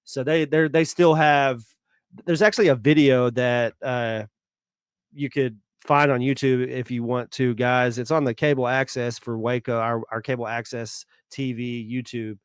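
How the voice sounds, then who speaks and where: A man's voice: mid-range voice, fairly even intonation, measured pace, clean tone, no room sound, clean studio sound. A man co-hosting a podcast, explaining local history in a casual, hesitant way. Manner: hesitant, many fillers and restarts. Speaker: podcast co-host.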